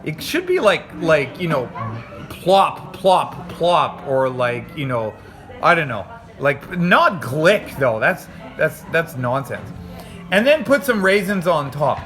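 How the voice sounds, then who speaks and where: A man's voice: fairly high pitch, very animated, unhurried, fairly bright tone, soft background music. A man from North America reading a children's storybook aloud, chatty and jokey, making the sound effects and commenting as he goes. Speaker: storybook reader. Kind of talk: playful read-aloud with commentary.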